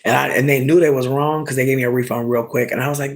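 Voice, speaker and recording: Guy ranting to camera, cussing a lot, gets loud then mutters, smoking, mid pitch. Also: quick pace, hardly any pauses, slight background noise. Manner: animated, swearing, swings between loud outbursts and mutters; smokes while talking. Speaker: vlogger. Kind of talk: casual storytime rant.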